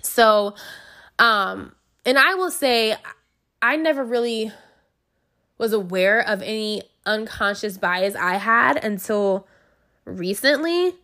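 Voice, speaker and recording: An American woman tells a personal story in a chatty, casual way, full of fillers and self-corrections. Her mid-range voice has a sharp tone, and she takes it slowly with long pauses.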